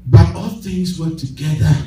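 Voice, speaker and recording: Man preaching in church, kinda high voice, calls out to the crowd, laughs a lot, big echo, mic far off. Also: fairly even intonation, normal speed, over music. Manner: call-and-response preaching, bursts of laughter. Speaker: pastor. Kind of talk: sermon. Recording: echoey church hall, distant mic.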